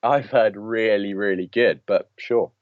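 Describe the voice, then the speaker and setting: A man's voice: lowish voice, fairly even intonation, a little slow, no room sound. A man co-hosting a podcast, giving an opinionated film review in casual chat and ranting with many restarts. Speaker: podcast co-host. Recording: dull lo-fi podcast audio.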